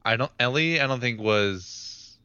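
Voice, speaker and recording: Young male co-host, low, bright and smooth voice, filler-heavy casual talk, dry and slightly dull recording. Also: measured pace, no room sound. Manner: rambling, filler-heavy retelling. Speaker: podcast co-host. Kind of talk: casual chat.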